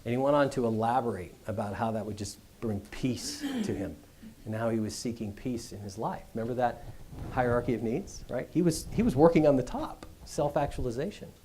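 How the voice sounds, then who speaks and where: A middle-aged man giving a business school address, telling stories in a conversational, animated way. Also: mid-range voice, brisk, slight background noise. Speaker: guest speaker.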